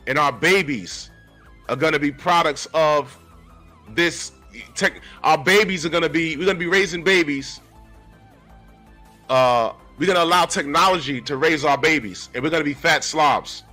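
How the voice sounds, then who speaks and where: A man in his forties walks his viewers through a comic book page by page. His voice is bright and forceful and sits a little high, and his pitch jumps around as he reacts. Faint music plays underneath. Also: normal speed. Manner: animated, talks straight to viewers with "y'all". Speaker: comic book reviewer and artist. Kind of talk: casual comic book reading commentary.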